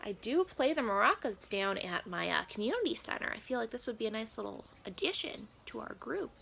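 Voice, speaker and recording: A woman doing a flustered, creaky old grandma. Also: fairly high pitch, sing-song, a little fast, a bit bright, exaggerated voice. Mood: bemused. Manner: prudish, flustered, rambling with quaint asides. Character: prim, nosy elderly grandmother reacting to a pop act. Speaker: comedic reaction host. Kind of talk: comedic character reaction video.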